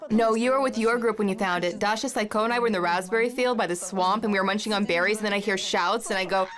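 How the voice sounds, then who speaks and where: A woman's voice: mid-range voice, fast talker. A young woman cadet speaking in a dubbed documentary voice-over, chatty and matter-of-fact. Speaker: military cadet. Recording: crowd noise behind.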